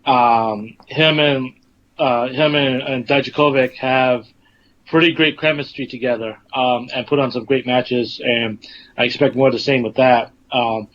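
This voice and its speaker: A man co-hosting a casual podcast, talking in a measured way with lots of ums. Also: mid-range voice, fairly even intonation, highs cut off, a little hiss or hum. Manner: measured, with many fillers. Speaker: podcast co-host.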